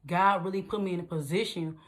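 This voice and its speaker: A young woman talks straight to her viewers in an easygoing vlog. Her voice sits a little low, and she jumps up in pitch to make a point. She keeps things loose and animated and laughs often. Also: fast talker. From Detroit, USA. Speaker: vlogger. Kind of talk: casual storytelling to camera.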